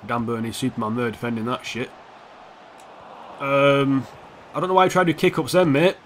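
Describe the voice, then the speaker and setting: A man's voice: medium pitch, steady tone, normal speed, a bit bright, a little hiss or hum. Sweary young man commenting a game. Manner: sweary, sarcastic, talks to the players on screen. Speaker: gaming YouTuber. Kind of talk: casual gameplay commentary.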